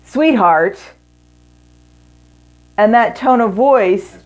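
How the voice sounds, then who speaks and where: A middle-aged woman giving an earnest teaching talk to women in a marriage seminar, speaking in measured phrases with pauses. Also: on the high side, expressive, a little mellow.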